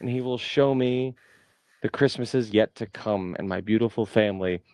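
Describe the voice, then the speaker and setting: A man's voice: fairly low pitch, moderate pace, darkish tone, dry recording. A man co-hosting a podcast, telling a jokey story in a playful, casual way. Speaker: podcast co-host. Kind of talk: casual chat.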